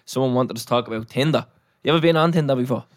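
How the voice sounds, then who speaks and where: A man's voice: mid-range voice, rapid-fire, dry recording, clean studio sound. A man in his thirties with a Dublin accent, co-hosting a casual chat with slangy banter and acted-out quotes. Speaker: podcast co-host.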